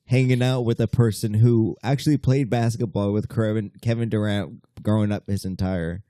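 A man's voice: on the low side, steady tone, moderate pace, warm tone, dry recording, studio quality. A young man co-hosting a casual podcast, steering the talk with blunt jokes. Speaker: podcast co-host. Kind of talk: casual chat.

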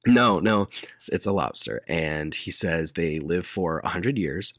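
A man casually retelling a movie plot to a friend, laughing often and quoting characters in a flat deadpan. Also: low voice, a little slow, no room sound, clean studio sound. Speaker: podcast co-host retelling a movie. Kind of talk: casual chat.

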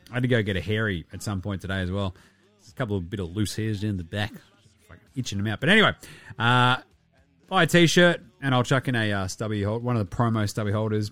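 A man's voice: on the low side, fairly bright tone, dry recording. Rambling Australian man, dry close sound. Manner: rambling, profane, slangy banter. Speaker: podcast host. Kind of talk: casual basketball podcast chat.

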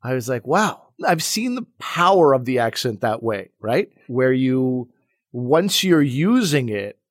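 A man who teaches comedy, talking in a relaxed, reflective way during a casual podcast conversation, with frequent "you know" asides. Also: medium pitch, unhurried, no echo, clean studio sound.

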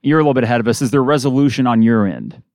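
A man hosting a podcast, calling a basketball game live with bursts of excitement. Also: medium pitch, very fast, dry recording, clean studio sound. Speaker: podcast host doing live game reaction. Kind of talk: excited play-by-play commentary.

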